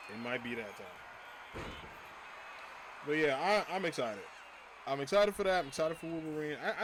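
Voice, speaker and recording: A man's voice: fairly high pitch, noisy background. A man chatting casually on a livestream, ranting animatedly, swearing and laughing often.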